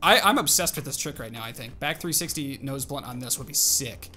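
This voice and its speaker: A young man giving excited, animated commentary on his own gameplay, calling out tricks and reacting aloud. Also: medium pitch, a little fast, faint music behind. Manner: animated, exclaims and narrates tricks to himself. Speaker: gaming video host.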